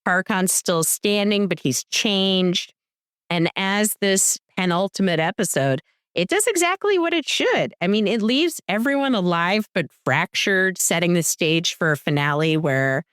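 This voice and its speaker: On this podcast, a female co-host with a mid-range voice speaks a little slowly. The studio-quality recording has no room sound, and she casually recaps a TV episode, animatedly performing the characters' dialogue.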